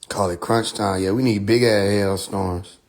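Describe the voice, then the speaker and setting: A man's voice: on the low side, fairly even intonation, measured pace. Man, livestream host, joking rant, swears a lot, laughs often, phone mic. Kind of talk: casual livestream chat.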